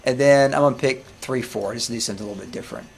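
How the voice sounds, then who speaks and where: A man teaching music software to a class, talking casually with many restarts and questions to the students. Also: mid-range voice, racing, slightly rough. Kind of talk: live classroom software demo.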